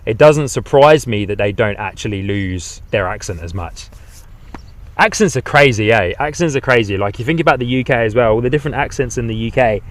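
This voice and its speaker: A man gives live commentary from outdoors at an airport. His voice sits at a middling pitch for a man. His chat is loose and rambling, and his tone stays relaxed and friendly. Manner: chatty, rambling, easygoing. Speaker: livestream host. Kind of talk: live plane-spotting commentary.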